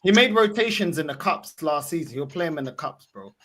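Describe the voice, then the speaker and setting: A man with a London manner in heated casual football banter, animated and swearing, mimicking people he talks about. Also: on the high side, fairly quick, slight background noise.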